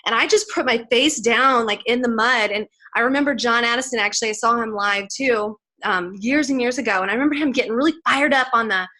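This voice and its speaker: A woman's voice: a little high, a little fast, few pauses, bright, forceful tone. A woman in her forties giving an emotional, faith-filled motivational testimony to a sales team, chatty and earnest, building into fired-up preaching. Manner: chatty, many "like"s and "you guys". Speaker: speaker at a sales team event.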